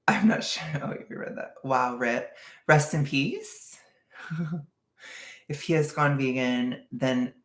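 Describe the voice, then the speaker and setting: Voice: medium pitch, vocal fry, bright, forceful tone, roomy sound. A young adult livestream host chatting casually with viewers, rambling and self-deprecating, joking and laughing often. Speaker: livestream host reading chat.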